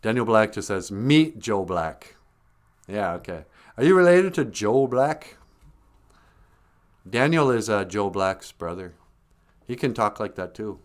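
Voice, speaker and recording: An older man with a lowish, animated voice hosts a casual livestream, speaking a little slowly with long pauses. He greets viewers and tells joking stories, chuckling often.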